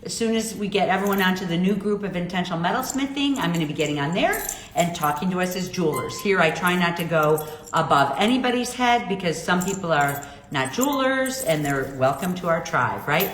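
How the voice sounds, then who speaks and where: Brief: middle-aged woman, lowish voice, bubbly livestream host, roomy echo and faint hiss. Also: animated, fairly quick, fairly bright tone. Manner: chatty, bubbly, exclaims at comments. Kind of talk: casual live chat reading viewer comments. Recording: echoey room with faint noise.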